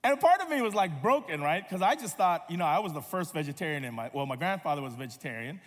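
A man's voice: on the high side, big pitch swings, fast, in a large hall. A man pastor giving a sermon, telling stories with playful humor and acting out quotes. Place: church sanctuary.

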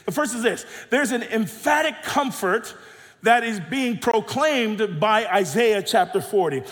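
A middle-aged male pastor preaching a sermon with emphatic, dynamic delivery that swings between soft drops and loud rises. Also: sits high, lively intonation, a little slow. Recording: long hall reverb.

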